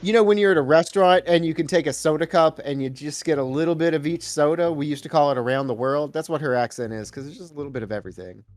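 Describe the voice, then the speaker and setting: Brief: male podcast co-host, slightly high pitch, playful storyteller, dry close mic. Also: dry recording. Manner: playful storytelling with quick jokes. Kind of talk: casual movie recap chat.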